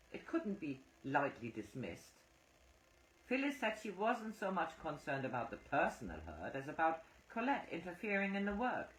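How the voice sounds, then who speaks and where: A woman narrating a book aloud as an audiobook reader, in an expressive reading voice. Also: very deep voice, echoey room, low-quality recording.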